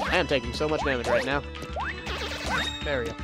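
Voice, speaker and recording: A man's voice: on the high side, normal speed, long pauses. A young man from Mississippi with a Southern US accent, casually commenting on a video game in a rambling, self-deprecating way. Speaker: let's play host. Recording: game music under the voice.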